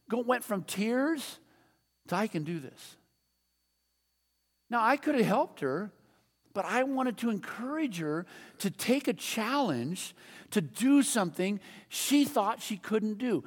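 Older male preacher, high voice, echoing hall. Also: lively intonation, normal speed. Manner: conversational preaching with repeated refrains and questions to the audience. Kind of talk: sermon.

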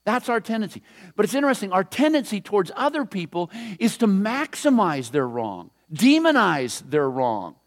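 A male pastor giving a conversational sermon, often dropping to a hushed voice for scripture quotes and chuckling between thoughts. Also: high-pitched, very animated, moderate pace.

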